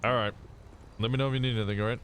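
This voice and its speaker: A man's voice: medium pitch, steady tone, very fast, fairly bright tone, slight background noise. A male streamer chatting casually out of character during a role-play stream, curious and swearing freely, often trailing off mid-sentence.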